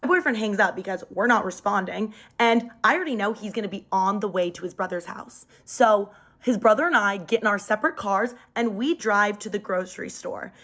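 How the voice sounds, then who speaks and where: Lively young woman telling a storytime. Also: fairly quick. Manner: lively, jumps up in pitch for quoted lines. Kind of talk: casual storytime to camera. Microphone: phone mic.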